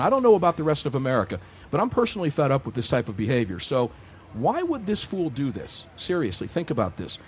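A male radio host delivering live commentary from a fair booth, emphatic and indignant in his opinions. His voice sits at an ordinary pitch. The sound is dull and lo-fi, with a faint hiss underneath. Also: a little mellow. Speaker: radio talk show host.

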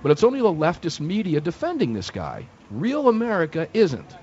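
A man's voice: a little high, huge pitch swings, moderate pace, a little mellow, slight background noise. Opinionated male talk radio host, emphatic and indignant, live from a fair booth. Dull lo-fi broadcast sound.

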